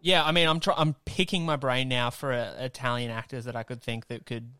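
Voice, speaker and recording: A young Australian man hosting a podcast in casual chat, animated and swearing freely as he rants. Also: mid-range voice, brisk, smooth, dry recording, studio quality. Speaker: podcast host.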